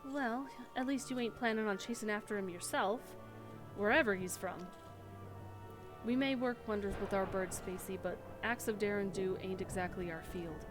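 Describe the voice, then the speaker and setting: A plain-spoken country rancher woman from a game talks in folksy, dry phrasing, voiced by a woman reading along. Her pitch is middling. Faint music runs behind her. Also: normal speed, lightly acted. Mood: wry.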